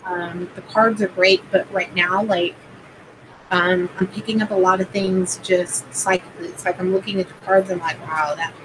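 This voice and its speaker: A woman's voice: on the low side, fairly even intonation, normal speed, noisy background. Chatty woman hosting a livestream. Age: adult parent. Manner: chatty and rambling, many fillers, greets viewers by name. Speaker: livestream host doing card readings. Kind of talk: casual livestream chat.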